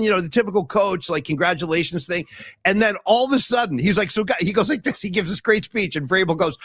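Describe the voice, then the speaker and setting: A man co-hosting a sports talk stream, rambling and animated as he riffs on viewer comments. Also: high voice, fast, dry recording, clean studio sound. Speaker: podcast co-host. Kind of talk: casual sports chat.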